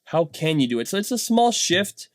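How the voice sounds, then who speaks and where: A man, a dad, telling a casual motivational story in a rambling, animated way, tagging his points with "right?". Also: fairly high pitch, moderate pace, no room sound. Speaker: vlogger and dad.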